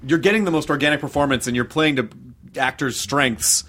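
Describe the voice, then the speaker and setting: A man co-hosts a casual podcast interview, asking eager, rambling questions. His voice sits at a middling pitch, with ordinary, unforced delivery. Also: fairly quick, fairly bright tone. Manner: enthusiastic questions, loosely phrased with fillers. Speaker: podcast co-host.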